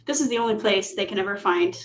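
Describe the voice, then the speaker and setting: A middle-aged woman hosting a casual interview, an animated storyteller who acts out the quotes she tells. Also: medium pitch, quick pace, poor audio. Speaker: business coach and host.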